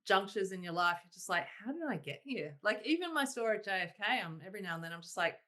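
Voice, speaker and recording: Bright-voiced woman telling stories. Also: medium pitch, fast. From Australia. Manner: animated, laughing, quoting herself in exclaimed asides. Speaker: guest, singer-songwriter. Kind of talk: casual interview storytelling.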